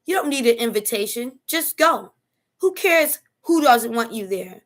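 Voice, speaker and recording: High-voiced woman giving emphatic life advice. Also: expressive, unhurried. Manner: preachy, emphatic, keeps asking "okay?"; casual slangy speech. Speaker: host. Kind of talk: motivational live talk.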